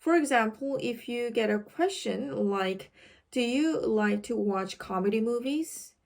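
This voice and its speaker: A woman tutor teaching exam tips to camera in a clear, instructive way, checking in with her listeners often. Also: a little high, lively intonation. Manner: slow, clear, instructive, with tag questions. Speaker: IELTS tutor.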